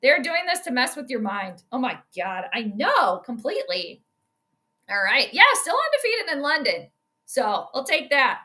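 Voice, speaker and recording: Excitable high-voiced woman streaming game commentary. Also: moderate pace. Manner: excitable, chatty, reacts loudly to plays. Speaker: astrologer and sports streamer.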